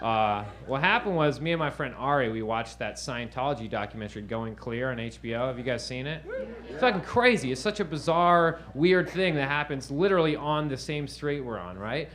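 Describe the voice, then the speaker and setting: A stand-up comedian on stage tells a rambling, profane story to a live audience, repeatedly asking the crowd "right?" His medium-pitched voice is fairly bright and a little fast, and audience laughter fills the live room.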